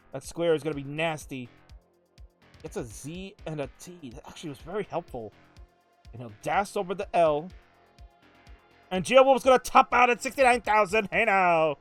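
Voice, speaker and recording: Hyped male play-by-play commentator. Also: a little high. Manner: jokey, hyped, jumps to shouts at big moments. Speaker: host and commentator. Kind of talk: excited live play-by-play commentary.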